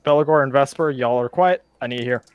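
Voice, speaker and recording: A man's voice: medium pitch, fast, clear, resonant tone, no echo, lo-fi sound. Rambling, casual male game master. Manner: casual and meandering, full of fillers and "such like that". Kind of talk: narrating a tabletop game over voice chat.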